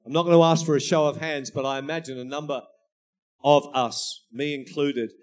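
A male pastor preaching a sermon, telling family stories in an animated, laughing way. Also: on the high side, normal speed. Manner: storytelling, animated, laughing at his own anecdotes.

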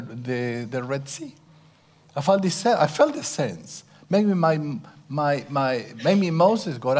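Middle-aged male preacher, slow and intimate, wide pitch swings, hushed asides. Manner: slow, intimate, drops to whispers for emphasis. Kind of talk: sermon.

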